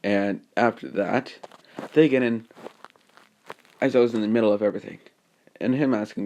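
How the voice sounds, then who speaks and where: A man casually narrating an improvised fan story, rambling and halting, with many fillers and self-corrections. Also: lowish voice, steady tone, a little mellow.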